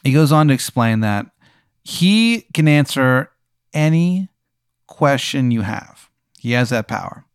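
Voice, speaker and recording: Brief: male host, loose improvised storytelling, clear tone, mid pitch. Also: sing-song, unhurried, no room sound, clean studio sound. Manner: rambling, lots of "like". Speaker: podcast host running an improvised scenario.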